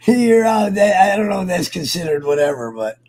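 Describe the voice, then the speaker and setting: A man hosting a casual chat, loose and profane, quick to get excitable. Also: high voice. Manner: loose, profane and excitable, yells at his dog. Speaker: podcast host.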